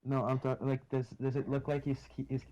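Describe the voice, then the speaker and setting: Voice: medium pitch, flat delivery, fast, muffled recording, a loud crowd. A player in a tabletop game asking questions and joking with the group. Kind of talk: casual tabletop play.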